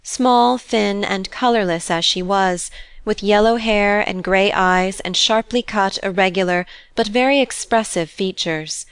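A woman narrating a classic novel as an audiobook in a measured, expressive reading. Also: mid-range voice, smooth, no echo. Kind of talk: scripted narration.

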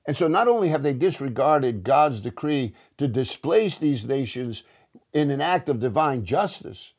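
A man's voice: medium pitch, animated, unhurried, darkish tone, breathy edge. A male pastor preaching a sermon in an earnest, conversational way, often restarting his phrases. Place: church.

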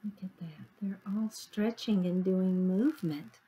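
A woman teacher reading a picture book aloud to children, animated and asking them questions. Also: mid-range voice, unhurried, slight background noise. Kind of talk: children's story time read-aloud.

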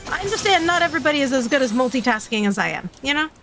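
A woman's voice: high-pitched, expressive, racing, fairly bright tone, faint music behind. A young woman streaming a game, chatting playfully and teasing, often repeating herself. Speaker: gaming streamer. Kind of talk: casual gaming banter.

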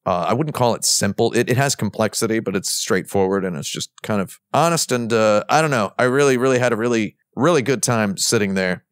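A man's voice: fairly low pitch, dry recording, clean studio sound. A man chatting casually on a podcast, rambling enthusiastically with plenty of fillers, restarts and self-deprecating jokes. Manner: jokey, self-deprecating asides. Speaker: podcast panelist. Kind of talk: casual chat.

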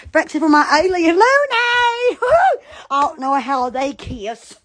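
A woman from Alabama, chattering excitedly on a phone livestream, giggling, gushing and stammering. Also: high-pitched, measured pace. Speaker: social media livestreamer.

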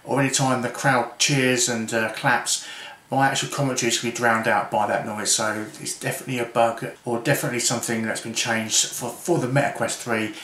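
A man's voice: medium pitch, fairly even intonation, a little fast, few pauses, fairly bright tone, echoey room. A man giving a reflective voice-over, explaining things in a plain, matter-of-fact way. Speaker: VR gaming content creator.

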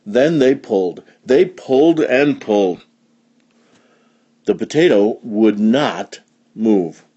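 A man reading a picture book aloud for young learners, animated, with big jumps in pitch for emphasis. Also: takes it slowly, husky, lo-fi sound. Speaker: storybook reader.

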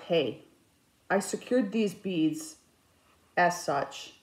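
A woman chatting casually as a cross stitch vlogger, rambling and animated, with sudden outbursts. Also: lowish voice. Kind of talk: casual chat. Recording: echoey room.

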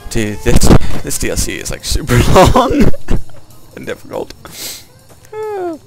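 Excitable gamer man, gravelly, slow talker, swings all over in pitch. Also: music in the background. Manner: excitable, yelps and grumbles at the game. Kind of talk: let's play commentary.

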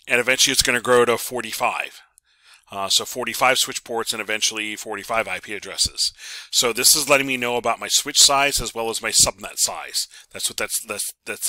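Bright-voiced male instructor, dry close sound. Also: on the low side, no room sound. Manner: conversational, repeats himself with many ums. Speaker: networking instructor. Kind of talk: recorded class walkthrough.

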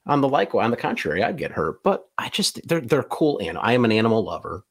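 A man's voice: mid-range voice, very animated, a little fast. A man in his forties, a voice actor guest, talking in a laid-back, blunt, joking way. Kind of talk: casual interview chat.

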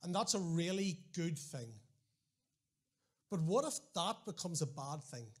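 Northern Irish man, middle-aged preacher, high-pitched voice, animated storytelling, wry asides, frequent restarts. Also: a little slow. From Northern Ireland. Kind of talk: sermon.

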